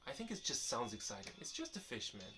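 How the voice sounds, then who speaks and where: A young man speaks fast in a mid-range voice while casually answering questions from his vlog's viewers. He tends to ramble and restart sentences, sounding relaxed and candid.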